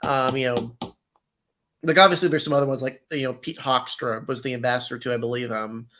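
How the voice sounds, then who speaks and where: A man's voice: mid-range voice, steady tone, brisk, pushed and bright, slight background noise. A man co-hosting an election stream, explaining facts in casual chat with many fillers and self-corrections.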